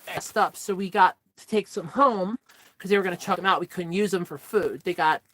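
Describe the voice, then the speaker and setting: A young woman vlogging, telling a story in casual chat in an animated, exasperated way. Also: on the low side, a little fast, dry recording.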